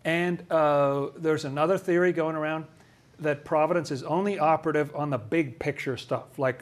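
A man with a somewhat high-set voice teaching scripture in a loose, conversational way. He talks to listeners as if chatting, and slips into little acted voices to quote people. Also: steady tone, moderate pace. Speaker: religious teacher.

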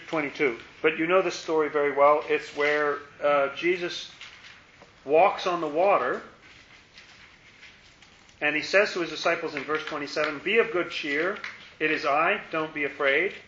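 Guy leading bible study, kinda high voice, stumbles and repeats words, muffled echoey room. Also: moderate pace, long pauses, sharp tone, a little hiss or hum. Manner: conversational, repeats words, asks the group questions.

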